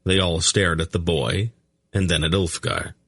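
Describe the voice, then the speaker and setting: A man narrating an audiobook in an expressive storytelling manner. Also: deep voice, measured pace, vocal fry, breathy edge, no echo. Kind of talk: scripted narration.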